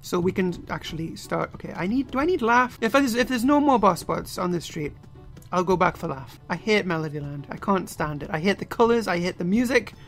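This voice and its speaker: A young man doing playful, self-mocking commentary on his own gameplay, often breaking into sudden yells. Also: high-pitched, expressive, fairly quick. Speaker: let's play gamer. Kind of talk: game commentary. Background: game music.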